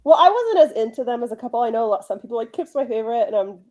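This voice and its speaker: A woman hosts a casual podcast chat in a slightly high voice. She tells stories bluntly and acts out the people she quotes. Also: expressive, very fast, a little mellow. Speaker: host.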